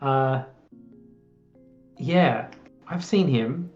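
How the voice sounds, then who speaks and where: A man's voice: mid-range voice, extremely slow, a little mellow. Aussie guy guessing movie quotes, kinda muffled lo-fi audio, faint music. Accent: Australian. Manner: chatty, guessing aloud, laughs easily. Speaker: co-host. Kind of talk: casual chat.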